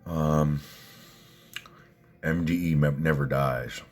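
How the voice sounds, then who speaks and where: A man ranting on a livestream while reading viewer comments, cursing, bursting into loud outrage and then muttering. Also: rumbling low, fairly even intonation, takes it slowly. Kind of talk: profane ranting livestream chat.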